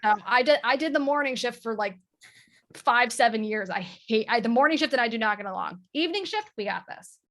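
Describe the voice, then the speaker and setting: A woman talking candidly as a guest on a video call, self-mocking and quick to laugh. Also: on the high side, lively intonation, fairly bright tone. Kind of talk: casual chat on a video call.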